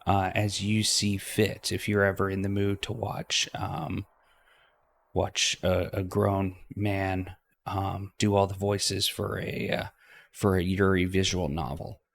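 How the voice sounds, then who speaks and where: Slow, hesitant man hosting a let's play. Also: low voice, flat delivery, creaky. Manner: hesitant, many fillers. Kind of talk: casual video intro.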